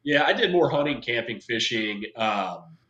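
A man's voice: mid-range voice, animated, measured pace, pushed and bright, dull audio. A man from California spins a story in loose, slangy talk, putting on the voices of the people he met. His voice sits in the middle range. The room around him has an audible echo. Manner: laid-back, slangy, acts out quoted voices. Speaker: guest. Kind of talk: casual storytelling. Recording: roomy echo.

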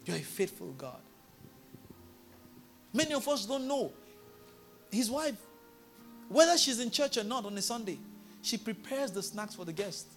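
A male pastor preaching a sermon in a church, telling a story and building to loud, emphatic declarations. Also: very high-pitched, normal speed, pauses often, faint music behind.

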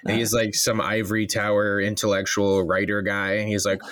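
A man telling stories in casual podcast chat, swearing freely and getting animated. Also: fairly low pitch, moderate pace, dry recording, clean studio sound.

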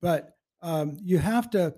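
A man in his seventies chatting as an interview guest, rambling warmly through anecdotes with frequent restarts and chuckles. His voice is somewhat high-pitched yet soft and mellow in tone. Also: lively intonation, slow. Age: 70s. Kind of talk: casual interview with storytelling.

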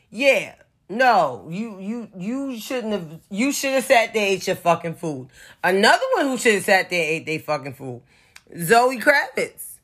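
A woman's voice: medium pitch, a bit bright. A woman giving casual pop-culture commentary in a blunt, profane, opinionated way, with sarcastic asides.

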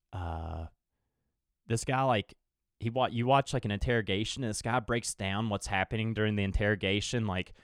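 A man's voice: fairly low pitch, clean tone, no room sound, clean studio sound. A young man hosting his own podcast alone, rambling casually, swearing freely and chuckling now and then. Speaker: podcast host. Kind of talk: casual solo podcast chat.

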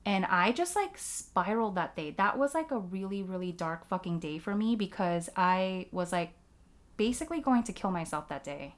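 A woman's voice: medium pitch, lively intonation, normal speed. A woman talking candidly in a casual conversation, swearing freely and filling her sentences with "like" as she tells a personal story. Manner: frank, swears freely, many "like" fillers.

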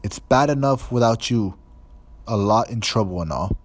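A man voicing a huge, gruff but gentle male gamekeeper who speaks with urgency. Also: deep voice, animated, brisk, full character voice. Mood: urgent. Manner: urgent, pleading.

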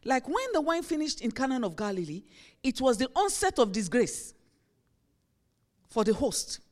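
A woman pastor with a somewhat high voice preaches in a relaxed, chatty way. She slips into short acted-out lines to show everyday examples to the congregation. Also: normal speed. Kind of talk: sermon.

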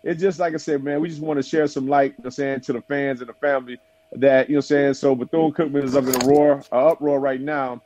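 A man's voice: mid-range voice, little pitch movement, fast talker, darkish tone. A man hosting a casual call-in chat over his cell phone, loose and teasing with his guests. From South Florida. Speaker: host. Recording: dull lo-fi phone audio.

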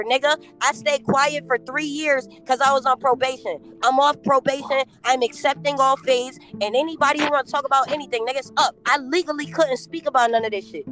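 A woman's voice: high-pitched, fairly bright tone. A woman on a podcast, ranting in a brash, profane, confrontational way. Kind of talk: heated casual podcast talk.

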